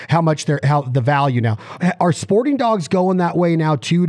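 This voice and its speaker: A man's voice: fairly high pitch, darkish tone, no room sound. A man hosting a podcast, asking long, rambling questions with many restarts. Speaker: podcast host. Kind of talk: casual interview questions.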